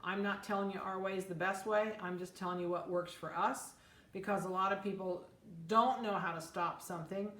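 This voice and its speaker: A woman's voice: mid-range voice, steady tone, fairly quick, fairly bright tone. Plainspoken woman breeder in an echoey room. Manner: plainspoken, practical, chatty with fillers. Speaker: dog breeder. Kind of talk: casual instructional talk.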